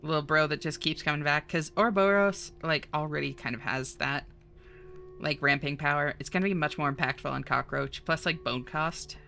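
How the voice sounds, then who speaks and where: A woman's voice: low voice, normal speed, creaky, pushed and bright, faint music behind. A woman streaming a video game live, bantering with chat in a flirty, teasing way and trading puns.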